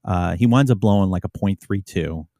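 A man with a low voice hosts a podcast for police and tells a long story in an easy way. On quoted lines he slips into a quieter mutter. The sound is dry and close. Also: moderate pace, dry recording. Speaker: police officer podcast host. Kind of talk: casual storytelling.

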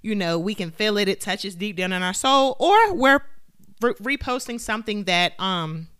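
A woman co-hosting a podcast, talking in a casual, animated and opinionated way. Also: medium pitch, moderate pace, clean tone, no room sound, clean studio sound. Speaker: podcast co-host. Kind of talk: casual chat.

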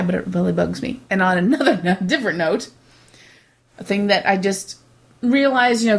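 Brief: woman in a casual podcast chat, mid-pitched voice, rambling and animated delivery. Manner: rambling, animated, many restarts. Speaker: podcast co-host.

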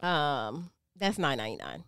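A woman with a fairly low voice that still swings up and down a lot as she leads a relaxed wine tasting. She keeps things moving with quick agreements. The sound is close and dry, with no room around it. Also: gravelly, clean tone, no room sound. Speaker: podcast co-host leading a wine tasting. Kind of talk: casual chat.

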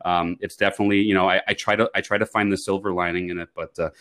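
A man co-hosting a podcast, telling stories in an easy, joking way. His voice sits a little on the low side, and he chats loosely. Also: level tone, quick pace, a bit bright. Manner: jokey storyteller who mimics voices. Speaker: podcast co-host. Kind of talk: casual chat.

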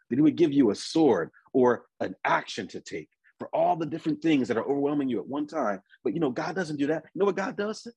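A man preaching a conversational sermon, often repeating and restarting his words and reading scripture slowly. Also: medium pitch, a little mellow, breathy edge, no echo, poor audio.

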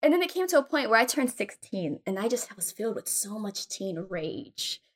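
Lively young woman telling a story. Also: mid-range voice, normal speed. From Texas, USA. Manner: animated storytelling, acts out other people in squealing voices, laughs often. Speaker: actress. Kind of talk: casual podcast chat.

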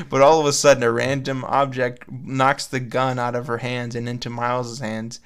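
A man's voice: medium pitch, a little slow, fairly bright tone, clear, resonant tone. A young man co-hosting a podcast, reading fan fiction aloud with offhand, crude jokes and frequent laughs. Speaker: podcast co-host.

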